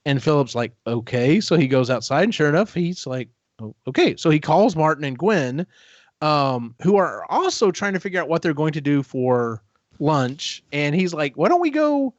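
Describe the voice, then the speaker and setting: A man with a fairly high, very animated voice hosts a podcast, recapping a book in a casual, rambling way and tossing in quick acted-out quotes from the characters. The recording is dry, dull lo-fi podcast audio.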